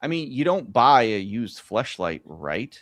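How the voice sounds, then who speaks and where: Man, New England accent, mid pitch, dry close sound, joking. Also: very animated, a little slow, dry recording. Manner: laughs easily, loose joking talk. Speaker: podcast guest. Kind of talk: casual banter.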